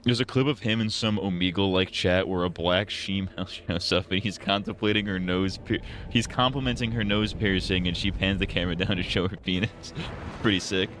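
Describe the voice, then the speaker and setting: A man's voice: deep voice, fairly even intonation, a little fast, fairly bright tone, slight background noise. A young man streaming a game, joking, swearing and rambling in casual crude commentary. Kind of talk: crude live gaming commentary.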